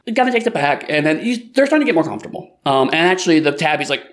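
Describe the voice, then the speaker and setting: A man's voice: on the high side, quick pace. A man running a tabletop game as game master, narrating scenes and slipping into characters' voices. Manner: animated, voices many characters, frequent fillers.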